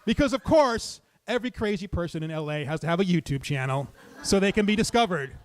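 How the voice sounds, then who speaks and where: A man's voice: high-pitched, lively intonation, fast. A man telling a true story to a live audience in a comic, conversational, wry manner.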